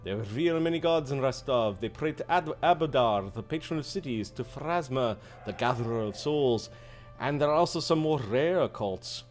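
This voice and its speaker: A man voicing a courteous, dignified male high priest, speaking formally and with measured calm. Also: soft background music, close to an everyday voice.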